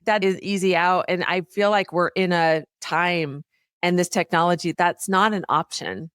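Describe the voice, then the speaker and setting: A woman co-hosting a business podcast, speaking in an animated, encouraging way about workplace development. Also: on the low side, moderate pace, clear, resonant tone, dry recording, studio quality. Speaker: podcast co-host, workplace consultant. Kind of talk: casual conversational podcast chat.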